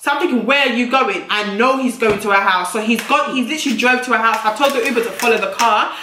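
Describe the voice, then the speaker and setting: A woman's voice: on the high side, quick pace, sharp tone, slight background noise. A young woman, telling a storytime vlog in a blunt, brash way and swearing freely. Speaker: YouTuber. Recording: echoey room.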